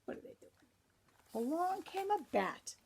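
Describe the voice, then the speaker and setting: A high-pitched woman reads a children's picture book aloud at an unhurried pace, her voice touched with a gravelly fry. She works as a librarian and keeps stopping for chatty asides to her young listeners. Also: very animated, a little mellow.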